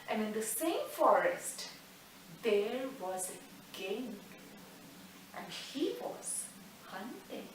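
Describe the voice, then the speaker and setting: A woman narrates a storybook tale slowly, with a lively, higher-pitched voice and a dramatic flair. The sound is very echoey and distant, with a faint hiss underneath. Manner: expressive, dramatic storytelling with rhetorical questions.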